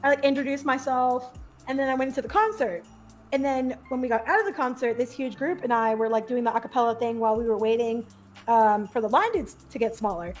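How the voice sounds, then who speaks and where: A bubbly young woman with a high voice tells stories on a podcast, giggling as she goes and acting out what other people said. Soft music plays faintly behind her. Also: steady tone, fast. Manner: bubbly, giggly, acts out quotes in a higher voice. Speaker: podcast guest. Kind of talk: casual storytelling chat.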